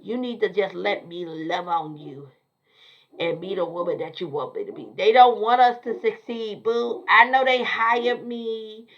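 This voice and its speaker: A woman's voice: medium pitch, a little slow, muffled recording, lightly acted. A woman putting on a sultry scheming seductress. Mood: seductive. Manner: soft, coaxing.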